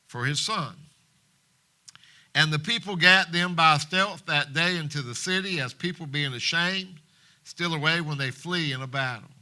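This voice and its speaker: A man preaching in church with a piercing, sharp-edged voice that sits fairly high for a man. He swings between hushed passages and loud, impassioned emphasis, and reads scripture in old King James wording. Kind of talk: sermon. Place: church live stream.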